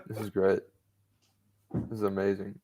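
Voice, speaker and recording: A man's voice: lowish voice, completely flat delivery, moderate pace, warm tone. A man co-hosting a live sales comedy stream, teasing his partner and reading out audience challenges between laughs. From Italy. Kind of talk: casual live-stream banter.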